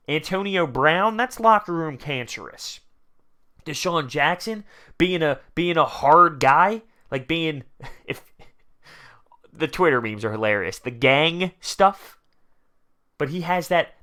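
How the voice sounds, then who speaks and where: A man giving excited, emphatic fan commentary on his own sports channel, often repeating lines for effect. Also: a little high. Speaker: sports vlogger.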